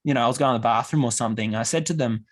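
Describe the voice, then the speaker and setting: Young male podcast host, animated storyteller, mid pitch. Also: very fast. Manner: animated storyteller, acts out quoted voices. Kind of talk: casual podcast chat.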